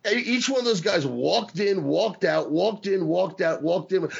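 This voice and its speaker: A man co-hosting a podcast in casual chat, excitable and swearing, acting out impressions as he talks. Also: high-pitched, measured pace, gravelly, breathy edge, dull audio. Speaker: podcast co-host.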